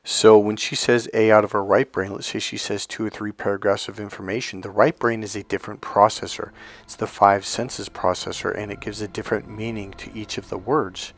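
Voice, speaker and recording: A man's voice: on the low side, flat delivery, fairly quick. A man giving a solo coaching monologue on relationships, talking emphatically and acting out what husbands and wives say to each other. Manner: emphatic, acts out quoted couples' lines.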